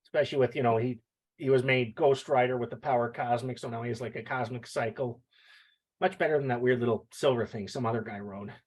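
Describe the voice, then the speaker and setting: A man with a husky voice co-hosts a casual podcast, joking and enthusiastic. His pitch sits in the ordinary middle range. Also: brisk, a little mellow, low-quality recording. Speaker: podcast co-host.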